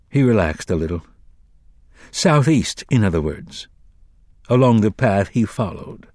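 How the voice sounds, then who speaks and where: A man narrating a dark fantasy audiobook in a measured, dramatic reading. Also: lowish voice, sing-song, dry recording, clean studio sound. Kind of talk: scripted narration.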